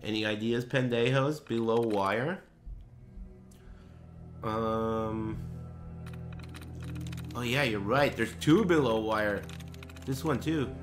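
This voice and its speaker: A man chatting casually while streaming a game, swearing and bursting into shouts and laughs. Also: mid-range voice, slow pace, pauses often, soft background music. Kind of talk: casual gaming stream chat.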